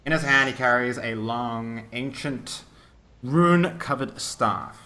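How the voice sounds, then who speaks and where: A man running a tabletop game as game master, describing each scene vividly. He often restarts his phrases. His voice has a bright, forward edge. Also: mid-range voice, slow pace.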